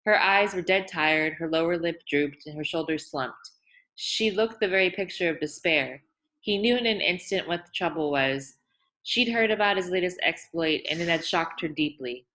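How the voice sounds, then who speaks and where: A woman reading a novel aloud in a measured way, with occasional restarts. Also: fairly low pitch, pushed and bright. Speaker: audiobook reader.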